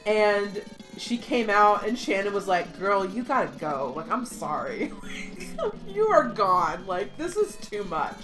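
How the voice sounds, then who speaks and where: A woman telling a story in casual chat, animated, swearing freely and acting out what people said. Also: medium pitch, unhurried, music in the background. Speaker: podcast host.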